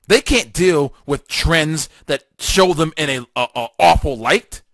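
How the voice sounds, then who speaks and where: A political talk show host delivers a fiery, emphatic solo monologue, packed with repetition and stammered restarts. His voice sits fairly high, animated and a little slow, with a fairly bright tone. The studio recording is clean and has no echo.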